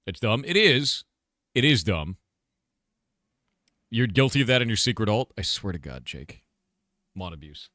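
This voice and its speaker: Long pauses mark this game developer's casual livestream talk, delivered at normal speed in a fairly low voice with no room sound. He quizzes chat, muses to himself and erupts now and then with animated emphasis.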